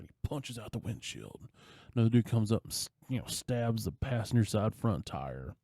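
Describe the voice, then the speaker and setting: Low, dark-voiced man retelling a movie. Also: moderate pace, dry recording, studio quality. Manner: animated storyteller, acting out quoted lines. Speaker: podcast co-host. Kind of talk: casual chat, retelling a movie plot.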